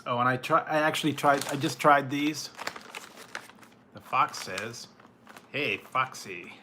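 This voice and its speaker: A man's voice: medium pitch, fairly even intonation, measured pace, noisy background. A man hosting a casual food-review livestream, chatting with viewers, laughing often and greeting people by name. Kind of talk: casual live chat with viewers.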